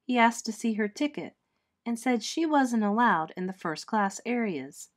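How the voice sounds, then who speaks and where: A woman teacher reading a children's chapter book aloud with clear, expressive storytelling. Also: fairly high pitch, unhurried.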